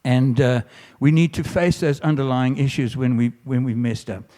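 Preaching at a normal speed in a medium-pitched voice, this man sounds mellow, warm and earnest. He frequently starts phrases over and lifts his voice for emphasis, all carried by a long hall reverb.

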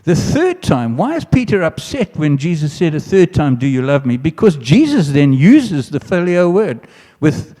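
A man preaching with a mellow, warm tone and an earnest delivery. He often restarts his phrases and rises for emphatic lines. His voice carries a long hall reverb. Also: on the high side, big pitch swings, a little slow, hardly any pauses. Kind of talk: sermon.

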